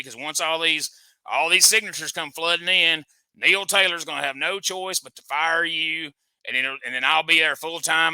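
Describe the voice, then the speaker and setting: A man's voice: on the high side, bright, forceful tone, clear, resonant tone, no room sound. A man hosting a comic show, needling his guest in boastful country banter. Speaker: host.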